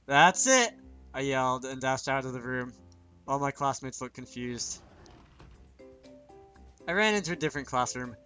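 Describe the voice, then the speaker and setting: A man's voice: medium pitch, moderate pace, pauses often, bright, forceful tone, faint music behind. A man reading a visual novel aloud in first person, dropping joking asides between lines.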